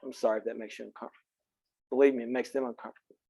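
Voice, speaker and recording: A man from Texas teaching a college philosophy class, frank and earnest and quick to crack a joke, recorded on a close mic in a classroom. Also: mid-range voice, level tone, creaky, dark tone, breathy edge, no room sound. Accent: Texan. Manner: earnest, frank, joking, speaks directly to students. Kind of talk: classroom lecture.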